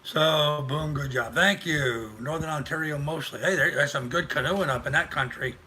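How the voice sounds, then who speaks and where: A man's voice: on the high side, normal speed, pushed and bright, slight background noise. An older man hosting a casual live stream, rambling and chatty as he greets viewers by name. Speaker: livestream host.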